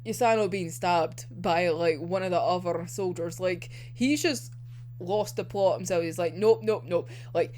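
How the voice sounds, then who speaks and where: A young woman giving a casual anime commentary, animated and heated, swearing a lot and filling with "like". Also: lowish voice, measured pace, slight background noise. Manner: animated, heated, heavy swearing, many fillers. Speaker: anime reviewer.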